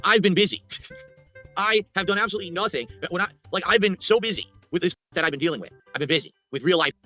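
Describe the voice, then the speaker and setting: A man streaming live, talking in a rambling, defiant monologue to his chat that often drops to a low mutter. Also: quick pace, pushed and bright, faint music behind. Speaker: livestreamer.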